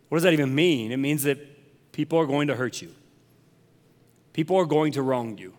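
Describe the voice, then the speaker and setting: A man's voice: medium pitch, in a large hall. A man preaching a sermon as a pastor, conversational and earnest, building to passionate emphasis.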